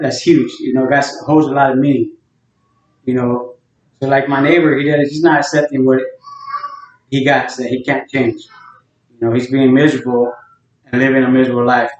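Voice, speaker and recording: A middle-aged man DJ talking in a rambling, plain-spoken casual monologue, full of fillers and restarts. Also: mid-range voice. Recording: roomy, distant, dull lo-fi sound.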